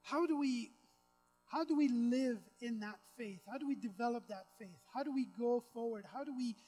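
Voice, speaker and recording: Soft music plays faintly as a woman with a fairly high voice preaches at a normal pace, and the recording is rough. Her tone is easygoing and conversational, with casual asides and self-deprecating humor, until she ramps up into insistent, repetitive preaching.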